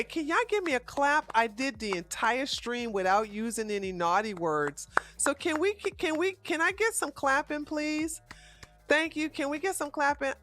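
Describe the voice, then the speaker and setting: A woman's voice: on the high side, bright, forceful tone, no room sound. Chatty, frank woman livestream host. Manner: chatty, frank, often laughing, halting restarts. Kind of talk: casual livestream chat reading viewer comments.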